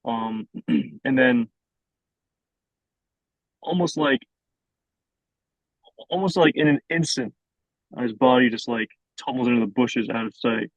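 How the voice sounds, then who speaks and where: Slow, hesitant young man narrating. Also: mid-range voice, no echo, highs cut off. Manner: hesitant, filler-heavy narration. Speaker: podcast co-host. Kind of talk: improvised storytelling.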